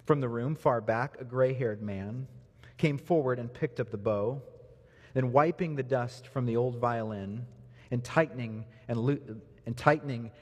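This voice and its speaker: A man pastor preaching a sermon in a church, earnest, moving from soft low passages to lifted emphasis. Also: measured pace, husky. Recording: reverberant hall.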